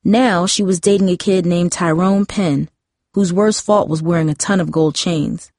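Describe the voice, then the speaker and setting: A woman narrating a storybook in a steady, measured reading. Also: lowish voice, no echo, clean studio sound.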